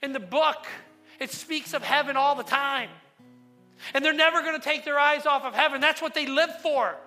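A man's voice: extremely high pitch, normal speed, pushed and bright, soft background music, pitched above the performer's own voice, full character voice. A man voicing a scornful, commanding male devil who dismisses his demons' schemes. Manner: contemptuous, dismissive, emphatic.

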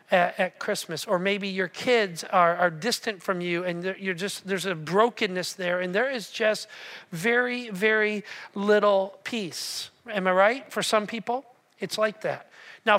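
A man delivers a Christmas-season sermon in a church auditorium, speaking into a stage microphone. His voice sits high and rings bright. He keeps it conversational, tossing jokes and questions to the congregation. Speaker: pastor.

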